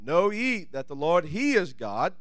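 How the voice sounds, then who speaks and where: A male pastor preaching a sermon who reads scripture quietly, then rises to shouted, fervent preaching. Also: a little high, very animated, measured pace, dry recording.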